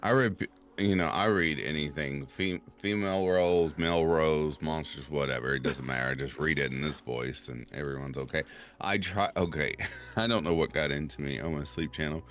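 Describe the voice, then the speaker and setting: A man hosting a casual podcast chat, with a deep voice full of rumbling subharmonics. He laughs often and tells stories in an animated way. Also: normal speed. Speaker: podcast host and horror narrator.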